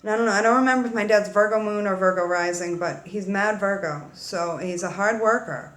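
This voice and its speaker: A woman's voice: mid-range voice, fairly quick, a bit bright. Woman tarot reader, casual and playful, salty slang, roomy echo. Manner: playful, slangy, swears freely, talks straight to viewers.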